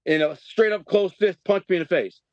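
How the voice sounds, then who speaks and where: A middle-aged man, from Detroit, telling his life story as a podcast guest in a streetwise, animated way and acting out the voices in his quotes. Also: high voice, a little fast, no echo. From Detroit, USA. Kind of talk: casual storytelling. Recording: dry, dull podcast audio.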